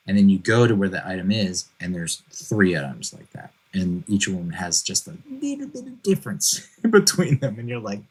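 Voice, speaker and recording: Podcast host, male, 40s, husky lower voice, lively and exasperated storytelling. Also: moderate pace, rough recording. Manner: animated, exasperated, jokey asides. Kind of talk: casual storytelling monologue.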